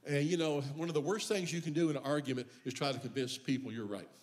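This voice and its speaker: A male pastor preaches in church, and his voice sits somewhat high for a man. He tells humorous stories from his own life, then drives his refrains upward with mounting fervor. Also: fast. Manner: impassioned preaching that builds in pitch and force on repeated refrains. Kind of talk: sermon.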